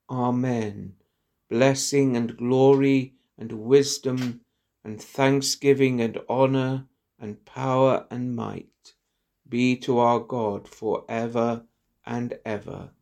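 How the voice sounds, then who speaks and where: A man reads scripture aloud in a liturgical service. He keeps a very unhurried pace. His voice has a gravelly, fried texture. The delivery stays measured and solemn throughout. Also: medium pitch, darkish tone. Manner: slow, measured, solemn reading. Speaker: lector.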